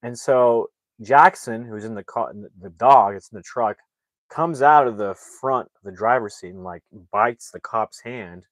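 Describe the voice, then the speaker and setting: A man's voice: mid-range voice, measured pace, no room sound. A man recapping a movie plot in a casual, rambling way, full of fillers and restarts. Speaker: movie reviewer.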